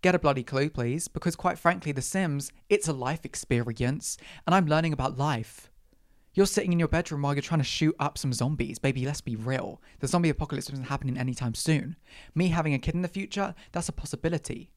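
A woman's voice: low-pitched, brisk, dry recording, studio quality. A young woman hosting a solo podcast, ranting with exaggerated, sweary outrage. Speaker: podcast host. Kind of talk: solo comedic rant.

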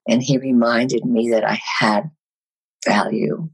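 An older woman, a guest actress, telling animated stories on a podcast with a husky voice. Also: a bass voice, takes it slowly, low-quality recording. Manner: animated storyteller. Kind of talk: podcast storytelling.

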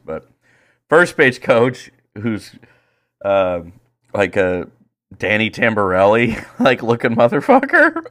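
Brief: male podcast co-host, lowish voice, cussing, animated yarn-spinner. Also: takes it slowly. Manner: profane, animated storytelling. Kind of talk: casual chat.

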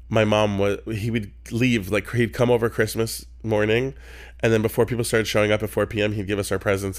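A middle-aged man hosting a podcast, telling a personal story in casual chat and acting out the people in it with lively jumps in his voice. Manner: animated, acts out quoted voices with big pitch jumps. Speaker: podcast host.

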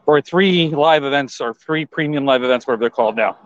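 A man co-hosting a casual wrestling podcast, talking through his opinions in an excitable, rambling way. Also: medium pitch, fairly quick, no room sound. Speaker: podcast co-host. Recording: dull lo-fi sound.

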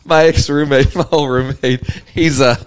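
Slight background noise accompanies a young man's mid-range voice at a moderate pace. Co-hosting a podcast, he keeps things casual, telling lively stories and laughing frequently.

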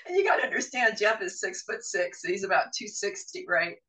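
Woman, middle-aged, bright tone, animated storyteller, a bit distant from the mic. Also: mid-range voice, a little fast. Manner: animated storyteller, acts out quoted voices. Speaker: guest. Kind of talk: storytelling in a podcast interview.

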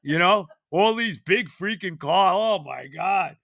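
An older man, telling a rambling, animated story on his podcast, full of fillers and restarts. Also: sits high, slow, vocal fry, no room sound, studio quality. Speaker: podcast host. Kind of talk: casual storytelling monologue.

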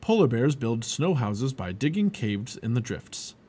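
A man voicing an adult male seal hunter in a read-aloud storybook, speaking in a steady, unhurried way. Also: medium pitch, slight background noise. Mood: calm.

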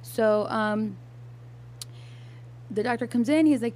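A woman's voice: a little high, takes it slowly, long pauses, a little mellow, a little hiss or hum. A young adult woman telling a personal story in casual podcast chat, candid and swearing freely, with lots of fillers and restarts. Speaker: podcast guest.

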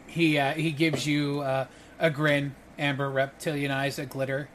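A man runs a tabletop game, narrating scenes in a slightly raised voice. He fills his sentences with pauses and fillers as he thinks. A faint room hum sits under the voice. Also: fairly high pitch. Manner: relaxed narration with frequent fillers. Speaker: game master.

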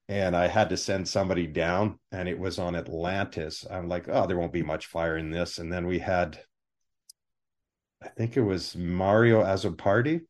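Low-voiced man telling set stories. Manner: animated anecdotes with voiced quotes. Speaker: film armorer guest. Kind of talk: live interview storytelling.

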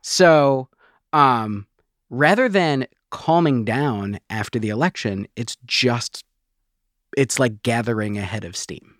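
A man of middle pitch, explaining in an earnest, slightly apologetic way as a podcast co-host. His voice sits close and dry, with no room around it. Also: slow, a bit bright, no echo. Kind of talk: casual explanation.

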